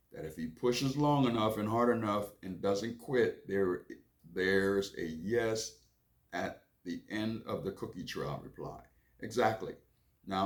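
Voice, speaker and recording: A man who hosts a reading lesson, reading aloud and stopping casually to define words, often repeating himself. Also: fairly low pitch. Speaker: reading teacher and host. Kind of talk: reading aloud and explaining vocabulary.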